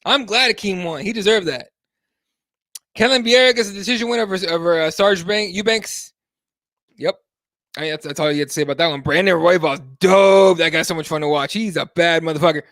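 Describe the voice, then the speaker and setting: A man with a fairly high voice hosts a live MMA talk show. He talks in a loose, animated way and swears freely. His voice is close and dry, with no room sound around it. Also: dry recording. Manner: casual, animated, swears freely, reads chat aloud. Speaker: host.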